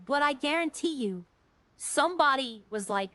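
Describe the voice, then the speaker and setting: A woman's voice: on the high side, expressive, moderate pace, fairly bright tone, no room sound, rough recording. A woman streamer chatting casually while playing a game, rambling and earnest, often restarting her sentences.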